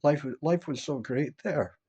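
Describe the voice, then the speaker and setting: A man's voice: fairly high pitch, normal speed, warm tone, breathy edge, highs cut off. A man from upstate New York talking casually at home, rambling through his memories with many false starts. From upstate New York, USA. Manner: rambling, many restarts and fillers. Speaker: vlogger. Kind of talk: casual personal monologue. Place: at home, indoors.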